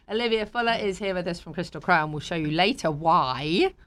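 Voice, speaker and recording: A woman with a British accent hosting a talk show, chatty and laughing easily between sponsor reads. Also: mid-range voice. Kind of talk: casual chat.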